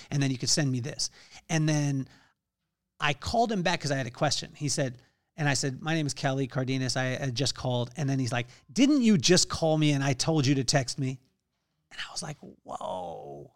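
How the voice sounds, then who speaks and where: Guy doing a solo podcast, upbeat and chatty, slightly higher voice, studio mic. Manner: energetic, conversational storytelling with quoted dialogue. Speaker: podcast host.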